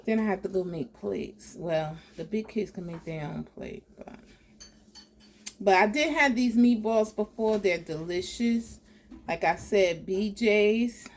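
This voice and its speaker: A woman hosting a casual home cooking vlog, talking in a relaxed way with lots of ums. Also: mid-range voice, a little slow, a little hiss or hum. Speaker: cooking vlogger.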